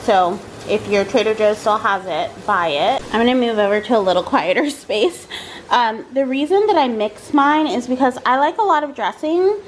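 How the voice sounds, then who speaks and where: Brief: casual female vlogger, fairly high voice, chatty kitchen walkthrough, faint fan noise behind. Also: lively intonation, moderate pace. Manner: chatty, explains as she cooks, frequent ums. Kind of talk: casual kitchen vlog voice-over. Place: home kitchen. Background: kitchen fan and frying noise.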